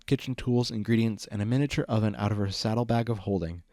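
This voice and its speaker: A man reading a fan fiction story aloud as narrator, in an even storytelling manner. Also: lowish voice, quick pace, no echo, studio quality. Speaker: reader.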